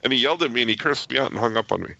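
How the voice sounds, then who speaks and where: A man's voice: medium pitch, rapid-fire, vocal fry, sharp tone, dry recording. A man co-hosting a podcast, telling rambling stories in casual chat and acting out quoted lines. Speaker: podcast co-host, comic book creator. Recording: dull lo-fi sound.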